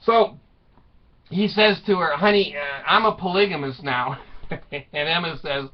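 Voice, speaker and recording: A man's voice: a little high, unhurried, pauses often. Man, comic storyteller, laughs a lot, fillers, muffled lo-fi sound. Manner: laughs often, rambling with many fillers. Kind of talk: comic storytelling with voiced quotes. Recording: dull lo-fi recording.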